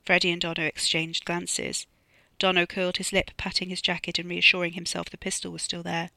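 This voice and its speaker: An author narrates their own dark comic thriller in a measured, steady way. The tone is bright and forceful, and the recording is dry and close with no room sound. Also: medium pitch, gravelly, no room sound. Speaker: author reading own novella. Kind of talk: audiobook narration.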